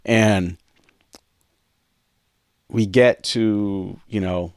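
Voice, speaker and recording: A podcast co-host tells a personal story candidly and earnestly, acting out past conversations as he goes. His voice sits on the low side, steady, clear and resonant, with drawn-out words. The recording is dry, with clean studio sound.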